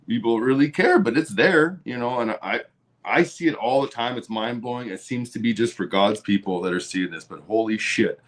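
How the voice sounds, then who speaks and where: A man hosting a podcast, ranting heatedly with constant swearing and repeated words. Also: medium pitch. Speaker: podcast host. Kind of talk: profane political rant.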